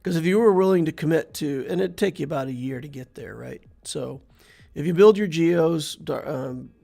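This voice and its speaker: A man's voice: a little high, normal speed, vocal fry, faint music behind. A man giving casual gameplay commentary, thinking aloud as he plays and chatting to the viewer. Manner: thinks aloud while playing, relaxed and chatty, talks to the viewer. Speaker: game channel host.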